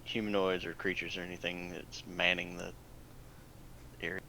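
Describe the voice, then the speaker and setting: Bright, deep-voiced man at a tabletop game. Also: level tone, moderate pace, a little hiss or hum. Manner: casual, rambling asides. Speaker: player. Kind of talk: tabletop game play, casual chat.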